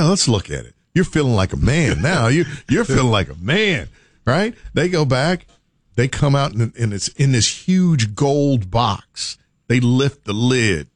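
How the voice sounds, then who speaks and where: A man's voice: mid-range voice, no echo, clean studio sound. A man hosting a radio show, telling a comic story and acting out the people in it. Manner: animated, acts out scenes in different voices. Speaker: radio host.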